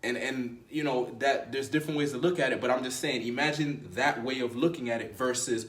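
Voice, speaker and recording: A man's voice: mid-range voice, steady tone, fairly quick, few pauses, fairly bright tone, echoey room. A man talking as a dating coach in a casual, emphatic, slangy manner, often repeating and restarting phrases. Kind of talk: casual motivational talk to camera.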